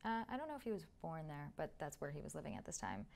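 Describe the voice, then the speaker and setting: Young woman, guest, casual interview, animated, laughs a lot, lowish voice. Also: fast, vocal fry. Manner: chatty, laughs often, animated storytelling.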